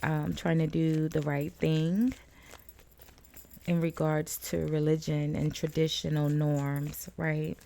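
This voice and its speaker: Chatty woman doing a tarot reading, low mellow voice, keeps laughing and calling you friend. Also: flat delivery, slow pace, vocal fry. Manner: chatty, laughs often, calls the viewer "friend". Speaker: tarot reader. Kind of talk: casual tarot card reading to camera.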